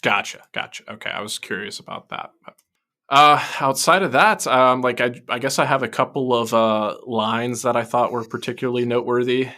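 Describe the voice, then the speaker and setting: A man co-hosting a podcast, chatting casually and animatedly about an animated episode, laughing often and quoting lines. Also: medium pitch, a little fast. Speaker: podcast co-host.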